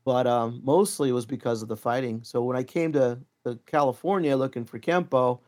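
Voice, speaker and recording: Male storyteller, mid-pitch, animated, acts out the voices he quotes. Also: fairly quick. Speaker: martial arts instructor, guest. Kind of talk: casual storytelling.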